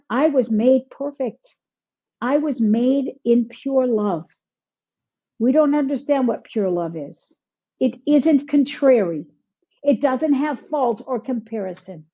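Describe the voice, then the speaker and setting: High, husky woman acting out inner voices. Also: warm tone. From Michigan, United States. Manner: acts out inner voices with quoted self-talk. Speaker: healer and coach, interview guest. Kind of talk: conversational interview. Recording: dull lo-fi sound.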